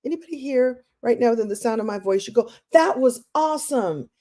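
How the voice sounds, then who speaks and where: Brief: woman motivational speaker, warm mellow tone, chatty and animated, restarts and laughs. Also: a little high, fast. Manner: animated, playful, breaks into exclamations and acted quotes. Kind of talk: live-streamed motivational talk.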